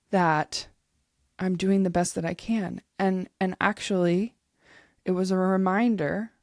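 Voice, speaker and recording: A woman in her thirties hosts a podcast and shares a personal story candidly and emotionally, cursing freely. Her voice is fairly low, gravelly and darkish, recorded at studio quality with no room sound.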